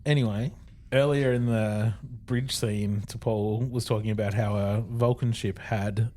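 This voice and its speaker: A man's voice: on the low side, steady tone, unhurried, darkish tone. Australian male podcast co-host, casual recap voice, laughs a lot. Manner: chatty, laughs often while retelling scenes.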